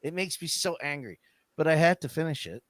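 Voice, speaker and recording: A man's voice: fairly high pitch, fairly quick, no room sound. A man co-hosting a casual podcast chat, ranting and swearing with lots of energy. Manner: ranting, profane, animated. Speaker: podcast co-host.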